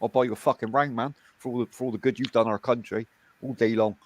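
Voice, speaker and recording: A man's voice: medium pitch, fairly even intonation, quick pace, darkish tone. A man telling rambling stories in casual chat, swearing freely. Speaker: chat participant.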